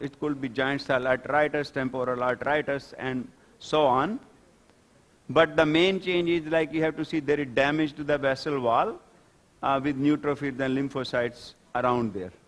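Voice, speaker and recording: A man giving a conference lecture on skin pathology, halting and explanatory with many fillers and restarts. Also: a little high, a bit bright. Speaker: dermatopathology lecturer. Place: conference hall. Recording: reverberant conference hall.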